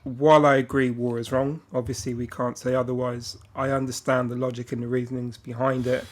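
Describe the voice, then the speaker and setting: A man co-hosting a podcast who argues his point in a measured, level way during a casual debate. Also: medium pitch, flat delivery. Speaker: podcast co-host.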